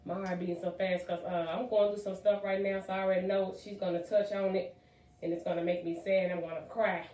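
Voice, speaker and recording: A woman hosts a casual talk show, chatty and excitable, leaning on fillers as she goes. Her voice sits at a middle pitch. It sounds roomy and echoey, as if she is some way back from the mic. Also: fast talker, recorded from a distance. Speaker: podcast host.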